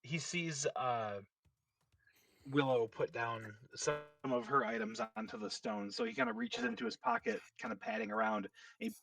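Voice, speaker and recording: A man's voice: medium pitch, very animated, moderate pace, vocal fry, fairly bright tone, far from the mic, poor audio. A man playing in a tabletop game, describing his character's actions hesitantly with fillers. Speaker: player.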